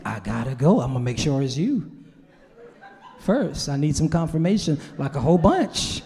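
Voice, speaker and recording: High-voiced pastor preaching, swinging loud and soft. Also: male voice, lively intonation, moderate pace, big-room sound. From Los Angeles, USA. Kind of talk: sermon. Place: large church hall.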